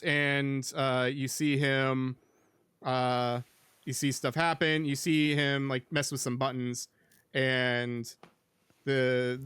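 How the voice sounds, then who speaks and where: A man hosting a podcast recaps a film in casual chat, rambling and leaning heavily on ums and likes. His mid-range voice is smooth and a bit bright, with no room sound.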